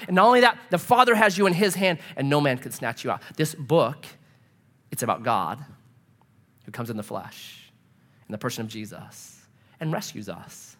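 A male pastor in his thirties with a high voice. He delivers a sermon full of personal stories, and his tone is forceful and bright. His pitch leaps up and down as he acts out the people in them. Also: normal speed. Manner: animated storyteller, acts out voices.

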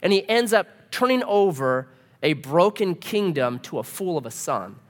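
Animated, chatty preacher man. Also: high voice, moderate pace. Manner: conversational and animated, with rhetorical questions and humor. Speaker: pastor. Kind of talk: sermon.

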